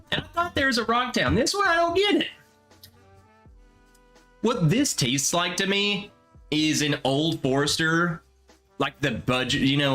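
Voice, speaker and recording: A young man hosting a casual livestream, tasting bourbon and chatting as he reads viewer comments, relaxed and musing. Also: a little high. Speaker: livestream host. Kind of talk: casual live chat reading comments.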